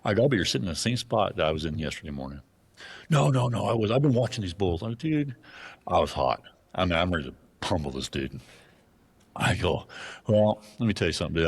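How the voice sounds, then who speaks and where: A man telling a hunting story in a casual interview, animated and profane, acting out the voices of the people in it. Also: low voice. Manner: animated, profane, acts out dialogue in his stories. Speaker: guest.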